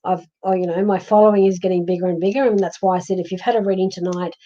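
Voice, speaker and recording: A fast-talking Australian woman with a lowish, steady, dark voice comes through on a muffled recording. Hosting a psychic livestream, she reads viewer comments aloud in a chatty, reassuring way, with frequent ums and restarts.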